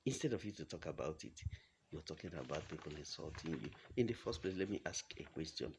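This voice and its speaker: Deep-voiced Nigerian man ranting hotly. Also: expressive, quick pace, a little mellow, slightly rough. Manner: heated, rhetorical questions, blunt. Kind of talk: impassioned monologue. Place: home in the United States.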